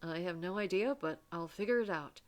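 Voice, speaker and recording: A woman's voice: lowish voice, fairly quick, lightly acted. A woman voicing a wounded giant male guard who is loyal and protective, speaking earnestly and resolutely.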